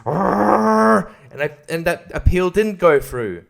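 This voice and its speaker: Aussie guy ranting and swearing on his podcast, kinda high voice. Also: expressive, slow, creaky, a bit bright. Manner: profane, ranting, mocking put-on voices. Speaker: podcast host. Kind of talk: angry comedic rant.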